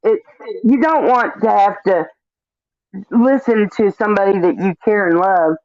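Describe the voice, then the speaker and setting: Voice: mid-range voice, measured pace, darkish tone, dry recording. Blunt cussing livestream guest, lo-fi. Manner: blunt, profane storytelling. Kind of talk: casual livestream chat. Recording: dull lo-fi stream audio.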